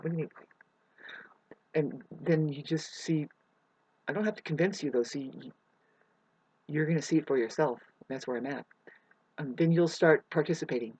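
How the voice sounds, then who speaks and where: A woman's voice: low voice, husky, dry recording, lo-fi sound. A woman rambling through a casual vlog monologue, drifting between topics, chanting wordless syllables and swearing now and then. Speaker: self-styled influencer. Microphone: webcam.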